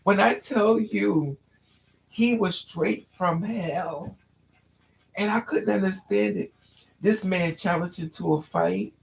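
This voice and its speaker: Man, fairly high gravelly voice, recounting a painful past in a candid, halting way. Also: slight background noise, poor audio. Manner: candid, restless, repeats and restarts phrases. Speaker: storyteller. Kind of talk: personal storytelling to a listener.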